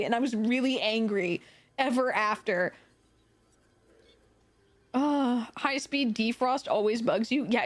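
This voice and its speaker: A woman streaming live, chatting casually with viewers while she plays, animated, laughing a lot and swearing freely. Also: high voice. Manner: answers viewer chat while playing.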